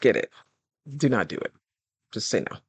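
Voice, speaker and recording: A man's voice: lowish voice, big pitch swings, moderate pace, husky, no room sound. A man hosting a casual advice talk on relationships, speaking in a loose, colloquial way and acting out little scenes. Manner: chatty, acts out little scenes in quoted voices.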